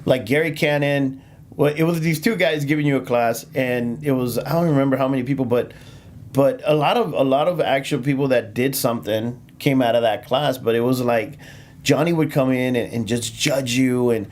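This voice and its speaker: A man's voice: mid-range voice, normal speed, a little mellow. A man who does stand-up comedy, telling stories on a casual podcast with plenty of fillers, restarts and laughter. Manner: rambling, laughs often, lots of fillers and restarts.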